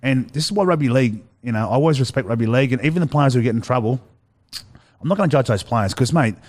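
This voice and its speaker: Man, Australian accent, interview guest, casual storytelling, rambling, fast talker, mid pitch. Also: animated, a little mellow. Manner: rambling, frequent restarts and fillers.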